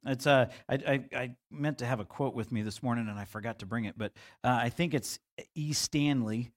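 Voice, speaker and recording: A middle-aged male pastor giving a conversational sermon, acting out quotes in a livelier voice. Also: moderate pace. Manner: conversational preaching, acts out God's voice with rising pitch.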